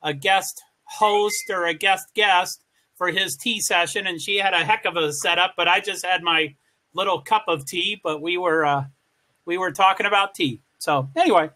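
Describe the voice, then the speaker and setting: A man's voice: high voice, normal speed, bright, forceful tone. An American man co-hosting a casual live-stream chat, rambling and greeting viewers as they arrive. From United States. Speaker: co-host.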